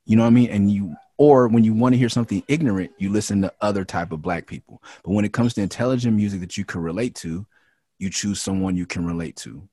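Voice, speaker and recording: A man who raps, from the Los Angeles area, talking frankly and with a lot of swearing in a casual interview, and getting louder when he is heated. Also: lowish voice, fast talker, no echo, studio quality. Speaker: rapper and interview guest. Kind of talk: candid casual interview talk.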